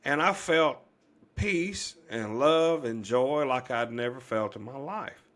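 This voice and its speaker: A man's voice: mid-range voice, slow pace, fairly bright tone. A middle-aged man, a podcast guest earnestly telling a long personal story, rambling with many fillers and restarts.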